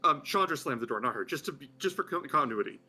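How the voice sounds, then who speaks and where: Male game master, bright voice, relaxed, chatty narration. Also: mid-range voice, quick pace, husky, faint music behind. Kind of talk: narrating a live-streamed tabletop game.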